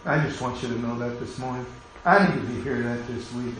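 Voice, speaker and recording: Earnest pastor in a very echoey room. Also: male voice, medium pitch, fast talker, slight background noise. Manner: earnest, pleading, softening to a hush in prayer. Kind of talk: sermon and closing prayer. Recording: very echoey room with faint ambience.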